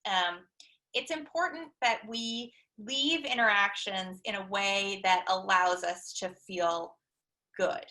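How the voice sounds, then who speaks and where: A woman counselor giving a conversational online lecture with shared slides, using personal examples and frequent "um" pauses. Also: medium pitch, sharp tone, rough recording. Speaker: counselor presenting a talk.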